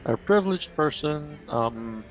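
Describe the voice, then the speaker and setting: A man chatting casually on a gaming stream, laid-back and quick to laugh, thinking aloud as he talks. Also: on the high side, animated, faint music behind. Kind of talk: casual chat.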